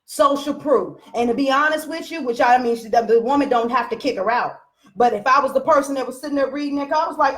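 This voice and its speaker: A woman's voice: high voice, fast. A woman business coach talking straight to her followers in a blunt, profane, preachy rant. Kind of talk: unscripted live rant to followers.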